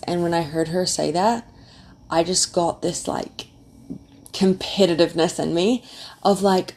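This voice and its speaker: A young woman casually telling her birth story, animated and full of "like" fillers. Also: on the low side, measured pace. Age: young adult. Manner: chatty, animated, many "like" fillers.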